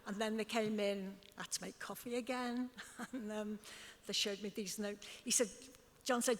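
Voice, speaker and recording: Hardly pausing, an older Liverpool woman tells stories at a normal speed in a steady, medium-pitched voice as an interview guest on a club stage before an audience. She acts out others' words, frequently laughing, and the recording has long hall reverb.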